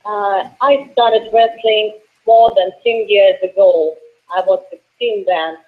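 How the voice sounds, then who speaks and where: A woman with a Russian accent speaks over a tinny, narrow phone line. She is in her late twenties and answers earnestly, pausing often on fillers as she searches for words. Her pitch sits in an ordinary middle range. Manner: hesitant with many uh fillers, earnest. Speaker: professional wrestler, guest. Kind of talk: interview answers.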